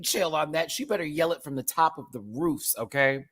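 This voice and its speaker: A man from Houston hosting a casual livestream review, talking in an animated, campy and profane way with lots of fillers. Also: on the high side, normal speed, hardly any pauses. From Houston, Texas. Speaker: livestream show host.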